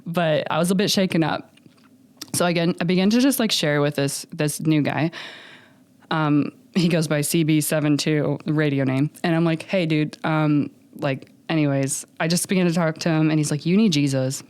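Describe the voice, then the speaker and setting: Animated woman telling her story, dry sound. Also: low voice, moderate pace, no echo. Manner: animated, many fillers, acts out others' lines. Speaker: podcast guest. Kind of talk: storytelling in a conversational interview.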